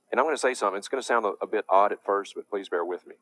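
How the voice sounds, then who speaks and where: A man's voice: fairly low pitch, racing, hardly any pauses, fairly bright tone. A man preaching a lecture, emphatic and indignant as he warns his audience.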